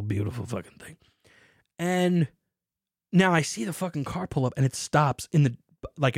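A man hosts a casual chat show, spinning a story with constant swearing and lively energy. His voice sits a bit higher than most men's, and the recording is dry and close with no room sound. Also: dry recording. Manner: profane, animated storyteller. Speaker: podcast host. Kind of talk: casual storytelling and beer talk.

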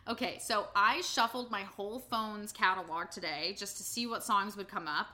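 A woman's voice: mid-range voice, moderate pace, pushed and bright. A woman co-hosting a podcast in a bubbly, giggly casual chat, swearing casually. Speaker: podcast co-host.

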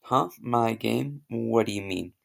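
A man voicing a laid-back American software engineer who talks in relaxed, slangy phrases. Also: medium pitch, takes it slowly, creaky, heavily acted. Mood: easygoing.

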